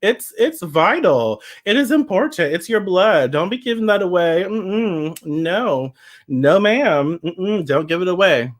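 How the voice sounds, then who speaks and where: A man's voice: high-pitched, expressive, measured pace. A man giving a casual livestream tarot reading, chatty and emphatic, reacting to viewer comments as he goes. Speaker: tarot reader.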